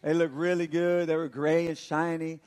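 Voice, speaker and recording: A middle-aged man from Texas, a pastor preaching a sermon and telling a personal story in an animated way. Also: fairly high pitch, normal speed. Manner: animated storytelling, acts out quotes with laughter.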